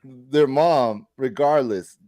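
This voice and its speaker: A middle-aged man co-hosting a casual talk show, telling a story with lively energy. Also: mid-range voice, slow. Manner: animated storyteller who acts out quoted people. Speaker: podcast co-host.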